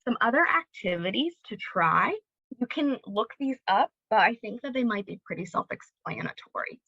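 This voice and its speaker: A woman with a slightly high voice gives a recorded library presentation at a moderate pace, explaining ideas clearly and steadily and working through examples. The audio is dull, with no room sound.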